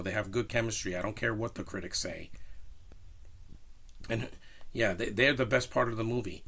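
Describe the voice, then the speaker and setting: A man giving a casual, rambling spoken film review, opinionated and animated. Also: lowish voice. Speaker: movie reviewer.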